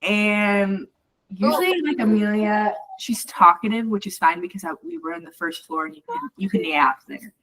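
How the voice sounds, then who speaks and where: A woman's voice: mid-range voice, animated, normal speed, a bit bright, poor audio. A young woman co-hosting a podcast, telling stories in a rambling, casual way with lots of fillers. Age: young adult. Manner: rambling storytelling with many fillers. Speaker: podcast co-host. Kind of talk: casual chat.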